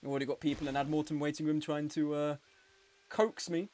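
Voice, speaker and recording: A man's voice: on the high side, level tone, brisk, darkish tone, slight background noise. A young man giving live, joking play-by-play commentary on a game tournament as the streaming host. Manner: chatty and joking, with frequent laughs.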